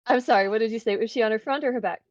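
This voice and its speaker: A woman playing in a tabletop game, chatty and quick to laugh, peppering her speech with 'like', over a muffled microphone. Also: a little high, dry recording. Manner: chatty, laughs often, says 'like' a lot. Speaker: player. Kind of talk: casual tabletop play. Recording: muffled lo-fi mic.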